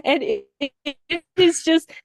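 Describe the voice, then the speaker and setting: A woman speaking slowly and deliberately as a podcast guest, with laughter breaking in often and her pitch jumping up when she gets excited. The sound is close and dry, with no room behind it. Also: gravelly, no echo. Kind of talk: casual podcast discussion.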